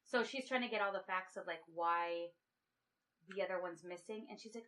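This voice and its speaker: A woman's voice: mid-range voice, quick pace, fairly bright tone. A woman co-hosting a casual podcast, retelling a movie plot in a rambling way and acting out the characters' lines. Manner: rambling plot recap with acted-out quotes. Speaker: podcast co-host. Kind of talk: casual chat.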